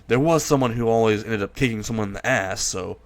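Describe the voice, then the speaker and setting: A man voicing a cranky male park manager who scolds and shouts at his workers. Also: lowish voice, a little fast, dry recording, natural voice. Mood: flustered.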